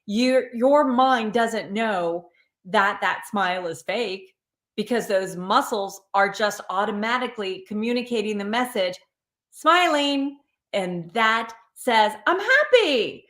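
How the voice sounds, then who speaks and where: A woman's voice: medium pitch, fairly bright tone. Woman host, casual live-stream card reading, encouraging, addresses viewers by name, roomy echo.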